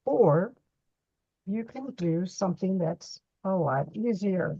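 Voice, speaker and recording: A woman's voice: on the low side, animated, takes it slowly, vocal fry, dark tone, husky, no echo, highs cut off. A middle-aged woman teaching a hands-on reflexology workshop, chatty and folksy as she demonstrates on a model foot.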